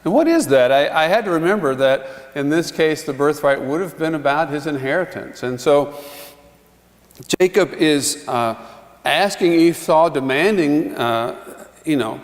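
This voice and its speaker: Pastor preaching in a reverberant church. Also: male voice, fairly high pitch, unhurried. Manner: conversational, chuckling asides, acts out quotes. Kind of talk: sermon. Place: church sanctuary.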